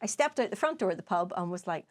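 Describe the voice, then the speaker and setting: A young adult woman co-hosting a casual podcast chat, an animated storyteller who swears freely and acts out her own past lines. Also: fairly low pitch, fast talker. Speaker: podcast co-host. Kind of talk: casual chat over whiskey tasting.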